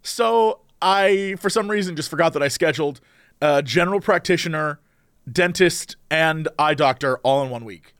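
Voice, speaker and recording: A young man co-hosting a casual podcast, telling comic stories and doing quick impressions of the people he quotes. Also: fairly high pitch, fairly bright tone, clear, resonant tone, no echo, studio quality. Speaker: podcast co-host.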